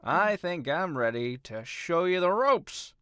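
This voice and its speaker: A man's voice: fairly high pitch, animated, slow pace, a bit bright, smooth, no room sound, clean studio sound, voice pushed up. A man voicing a laid-back old male dragon mentor in a tabletop game, offhand and casual. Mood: breezy. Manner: nonchalant, offhand.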